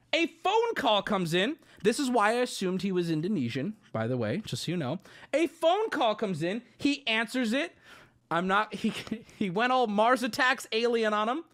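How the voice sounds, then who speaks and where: A man's voice: very high-pitched, pushed and bright. A man livestreaming, telling a story to his chat in an exaggerated way, swearing and laughing as he goes. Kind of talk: animated storytelling to a live chat.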